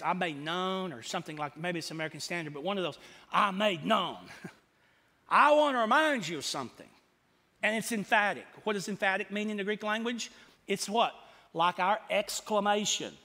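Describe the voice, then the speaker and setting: A man's voice: high-pitched, fairly bright tone. A male pastor preaching an expository sermon in a folksy way, asking the congregation questions and answering them himself. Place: church sanctuary. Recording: long church hall reverb.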